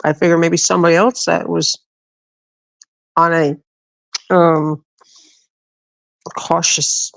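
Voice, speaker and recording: Gravelly-voiced woman telling a rambling story. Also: on the low side, little pitch movement, takes it slowly, long pauses, no echo, rough recording. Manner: rambling, swears freely, frequent restarts. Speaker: livestream host. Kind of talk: casual storytelling to viewers.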